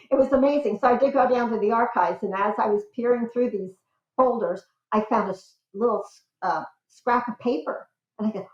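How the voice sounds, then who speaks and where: An older woman, a guest relations expert, chatting enthusiastically in an interview about her research. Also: medium pitch. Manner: enthusiastic, squeals with excitement when telling stories. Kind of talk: conversational interview. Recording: roomy, slightly dull sound.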